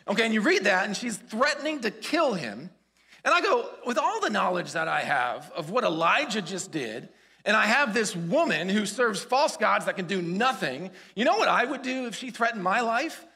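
A man preaching a sermon, retelling a story with animated, acted-out quotes. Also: sits high, normal speed, breathy edge. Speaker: pastor. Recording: long hall reverb.

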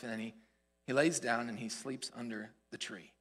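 A man preaching a sermon, retelling a story with animated, acted-out quotes. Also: medium pitch, moderate pace, breathy edge. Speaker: pastor. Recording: long hall reverb.

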